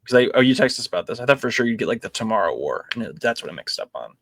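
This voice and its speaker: A young man reviewing films in a laid-back podcast chat, sprinkling in ums and likes as he goes. His voice sits at a middle pitch and sounds dry and close, with no room around it. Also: very fast, gravelly, no room sound. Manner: relaxed, filler-heavy, many ums and likes. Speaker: podcast host. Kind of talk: casual movie review chat.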